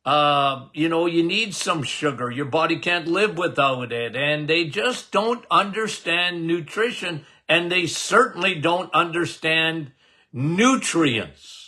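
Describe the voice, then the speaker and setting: An older male doctor hosts his health podcast in a casual, folksy way, pressing his points by repeating them. His voice sits fairly high and bright. He speaks slowly and deliberately, leaning on each phrase. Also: lively intonation. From Canada. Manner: emphatic, repetitive, folksy, addresses listeners as guys. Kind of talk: casual health talk to listeners.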